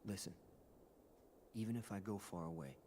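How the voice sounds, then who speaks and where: A brooding young swordsman from a video game, voiced by a man, quiet and withdrawn. His voice sits very low and dark. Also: normal speed, slight background noise, natural voice. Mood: reserved. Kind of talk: video game cutscene dialogue.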